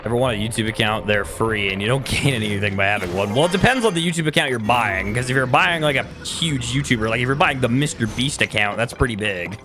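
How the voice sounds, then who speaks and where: A man's voice: mid-range voice, quick pace, few pauses. Young guy streaming, laughs a lot, teasing chat, game music going behind. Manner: joking, chuckles often, talks to chat. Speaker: live-streaming gamer. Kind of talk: casual live-stream chat while playing.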